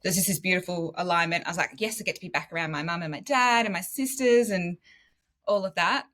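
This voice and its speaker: In a relaxed podcast chat, an Australian woman in her thirties from Western Australia shares her story as a guest; she's a medical student who used to be a nurse. Her voice is fairly low and fast, and she's lively and animated, laughing often and acting out what the people in her story said.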